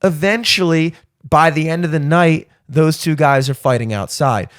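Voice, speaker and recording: Male podcast guest: profane, rambling ranter, slightly high, dry close sound. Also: moderate pace, a bit bright, no room sound. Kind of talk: casual podcast chat.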